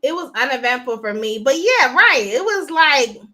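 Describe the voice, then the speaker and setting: Woman streamer, high bright voice, chatty and blunt, casual live talk on a phone. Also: very animated, normal speed.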